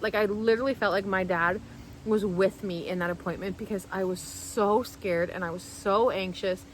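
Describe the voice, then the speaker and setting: Woman vlogging in her car, kinda high voice, rambly and emotional, faint road noise. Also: fairly bright tone, rough recording. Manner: emotional, rambling, lots of "like" and restarts. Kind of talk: casual storytelling to camera.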